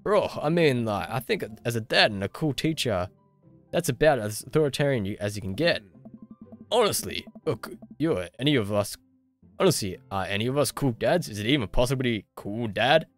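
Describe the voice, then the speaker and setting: An Australian man live-streaming a game, talking in a loose, chatty way and muttering to himself. His pitch jumps around a lot, and faint music plays behind him. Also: lively intonation, normal speed. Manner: chatty, muttering to himself while fixing settings. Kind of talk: casual gaming stream commentary.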